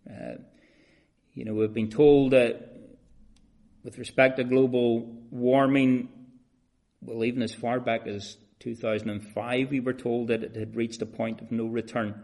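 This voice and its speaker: A man preaching a sermon, shifting from soft, measured talk to loud, drawn-out emphasis and addressing listeners as beloved and friends. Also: mid-range voice, little pitch movement, creaky.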